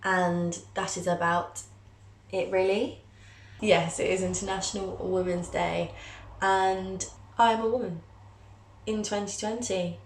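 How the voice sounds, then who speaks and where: A woman's voice: medium pitch, steady tone, a little slow, pauses often, slight background noise. Chatty, candid young woman, roomy sound. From England. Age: 20s. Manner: chatty, candid and self-mocking, playfully dramatic. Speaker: vlogger, journalism student. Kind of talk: casual personal storytelling to camera.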